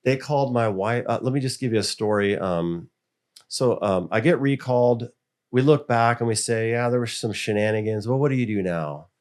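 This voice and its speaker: A mid-range voice at normal speed: a middle-aged American man on a school board, relating stories in an informal interview. He's animated, acting out the voices of the people he quotes.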